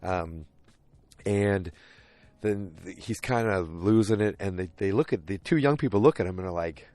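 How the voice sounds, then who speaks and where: Guy doing a podcast recap, kinda low voice, rambles with lots of ums, dry close mic. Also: normal speed, darkish tone, no echo. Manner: rambling, retells scenes in quoted voices, many fillers and restarts. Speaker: podcast host. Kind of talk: casual episode recap.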